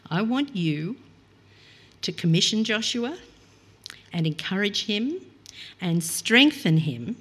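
A woman's voice: mid-range voice, big pitch swings, slow pace, pauses often, a bit bright, husky. A middle-aged woman preaching a reflective, earnest sermon and reading scripture aloud.

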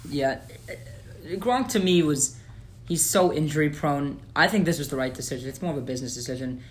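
A man co-hosting a casual sports podcast, opinionated and animated, with lots of fillers. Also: on the high side, fairly quick. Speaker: podcast co-host.

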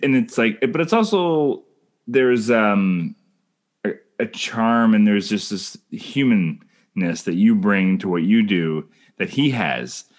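Brief: low-pitched man, rambling podcast co-host, casual. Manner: rambling, thinking aloud with many restarts. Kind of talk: casual chat.

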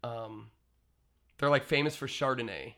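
A young man chats as a guest on a podcast, telling stories with energy. His voice is bright and forward. He often trails off mid-sentence. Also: medium pitch, a little slow. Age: young adult. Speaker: guest, speaker and educator. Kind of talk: casual podcast chat.

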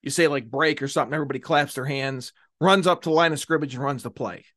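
A man's voice: mid-range voice, quick pace, fairly bright tone. A man delivering a combative, sarcastic political monologue as a commentator, stretching out words for emphasis. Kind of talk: opinionated monologue.

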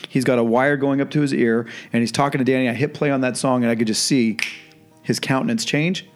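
A man hosting a podcast, a film director, telling animated anecdotes about a shoot and acting out the dialogue he quotes. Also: medium pitch, brisk, soft background music. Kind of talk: casual storytelling chat.

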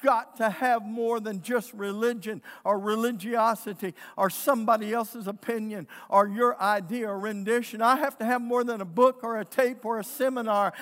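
A man's voice: very high voice, fairly bright tone, in a large hall. A man preaching who briefly speaks as a desperate repentant woman, earnest and pleading, in his own voice.

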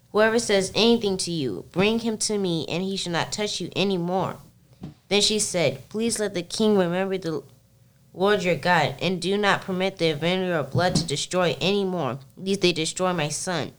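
A woman with a somewhat low voice reading scripture to her group. She trips over words now and then and goes back to restart them. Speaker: Bible study member.

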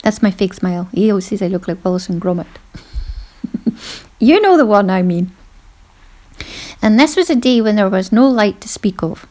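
A woman's voice: mid-range voice, lively intonation, moderate pace, pauses often, darkish tone. Woman, middle-aged, podcast host, casual monologue, self-deprecating, laughs often.

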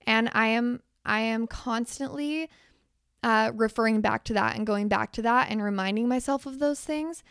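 A young woman with a raspy, hoarse voice hosts a casual motivational podcast, pushing her points with blunt emphasis and the odd swear. Her slightly high voice crackles with vocal fry. The sound is dry and close, with no room around it. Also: normal speed, a bit bright, no room sound. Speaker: podcast host.

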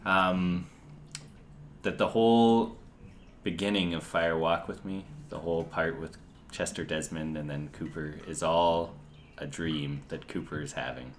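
Deep, slow man explaining a theory. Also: fairly even intonation, slight background noise. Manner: explanatory, measured. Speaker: podcast guest. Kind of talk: casual podcast chat.

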